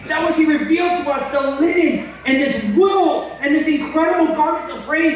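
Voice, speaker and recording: A man preaching an excitable storytelling sermon, intense and breaking into shouts. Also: very high-pitched, moderate pace, few pauses, a little hiss or hum. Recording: very echoey, from far off.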